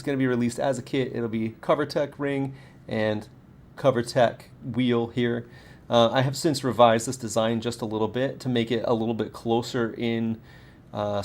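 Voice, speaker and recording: A man hosting a live stream from his workshop, showing off lightsaber parts in a rambling, chatty way that corrects itself as he goes. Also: mid-range voice. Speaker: saber parts maker and stream host. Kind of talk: casual live stream product showcase. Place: home workshop studio with camera and key light.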